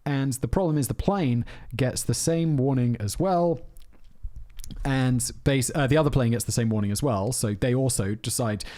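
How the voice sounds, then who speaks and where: A man's voice: medium pitch, normal speed, dark tone. A man hosting a podcast, telling a story in casual chat, rambling and laughing often. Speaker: podcast host.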